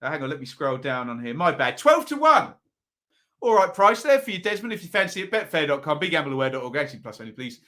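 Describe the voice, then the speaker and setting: Male host, bright-toned, casual live-chat delivery, reads comments aloud. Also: medium pitch, lively intonation. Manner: chatty, reads out viewer comments, quick asides. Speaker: football predictions show host. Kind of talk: live-stream chat with viewers.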